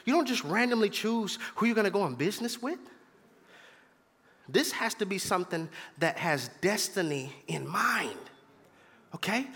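A man's voice: sits high, bright, forceful tone, slightly rough, big-room sound. A man preaching a sermon as pastor in a church, emphatic and repetitive, calling out to the congregation. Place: church sanctuary.

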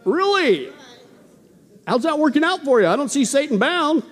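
High-voiced emphatic male preacher. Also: moderate pace, long reverb tail. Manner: animated, emphatic, joking asides. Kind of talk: sermon.

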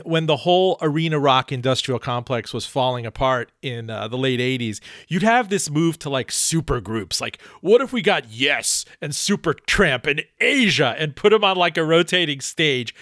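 Male podcast host, higher pitch, dry close sound, brisk plugs and rambling questions. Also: a bit bright, no room sound. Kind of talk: podcast hosting and interviewing.

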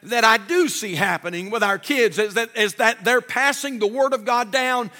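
A man's voice: extremely high pitch, normal speed, sharp tone, big-room sound, soft background music. An older man preaching a sermon from a church pulpit, in a folksy, fervent way with many repeats. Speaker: pastor.

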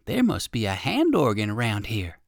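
A storybook narrator voicing a kind, polite old gentleman rabbit who speaks gently and without hurry. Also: mid-range voice, huge pitch swings, moderate pace, creaky, dry recording, clean studio sound, pitched below the performer's own voice.

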